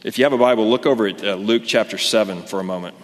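Pastor type, male, lowish voice, earnest conversational sermon delivery, long hall reverb. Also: quick pace. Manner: conversational and earnest, with many fillers and restarts.

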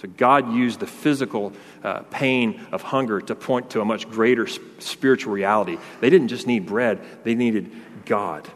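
A pastor giving an earnest, conversational sermon, mixing Scripture readings with casual asides and fillers. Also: male voice, on the low side, moderate pace, long reverb tail.

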